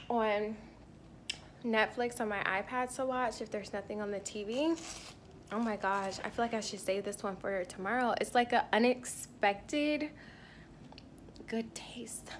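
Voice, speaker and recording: This travel vlogger, a woman not from Hawaii, speaks to the camera at a normal speed in a mid-range voice with fairly even intonation. Tired and irritated, she stays chatty and frank, tasting food between remarks in her hotel room and while out and about, with background noise audible.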